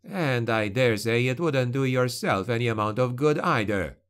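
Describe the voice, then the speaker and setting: A man's voice: medium pitch, normal speed, lightly acted. A man voicing a bitter, fearful male necromancer in an audiobook, speaking sharply. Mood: testy. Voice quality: sharp, snapping.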